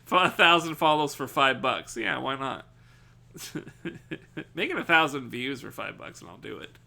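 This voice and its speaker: Bright, excitable male streamer. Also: medium pitch, moderate pace, vocal fry. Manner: profane, excitable, laughs often, yells at chat. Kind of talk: casual live-stream chat.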